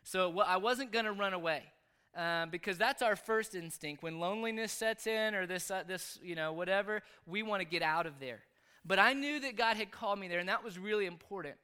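A man delivers a sermon through personal testimony, speaking in an earnest, confessional way. His voice sits high for a man and rings bright and very clear. He tells his story openly, as if to a familiar congregation. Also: fairly quick.

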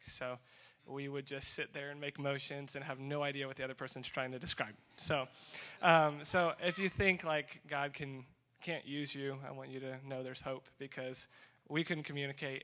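Young male speaker, bright tone, lively story talk acting out each exchange. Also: medium pitch, fairly quick, few pauses. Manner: animated storytelling with acted-out dialogue. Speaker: speaker sharing a mission trip story. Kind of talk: testimony talk to a group.

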